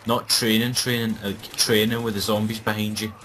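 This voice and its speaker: A man's voice: lowish voice, flat delivery, moderate pace, fairly bright tone, a little hiss or hum, poor audio. A Scottish man chatting casually and sarcastically while playing a game. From Scotland. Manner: joking, sarcastic banter. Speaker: gaming commentator. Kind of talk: casual gameplay chat.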